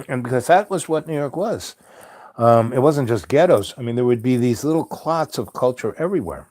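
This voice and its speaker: A man's voice: medium pitch, animated, moderate pace, darkish tone, dry recording. Rambling middle-aged male storyteller, dry sound. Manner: meandering, full of ums and you-knows. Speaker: storyteller host. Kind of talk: rambling spoken-word storytelling.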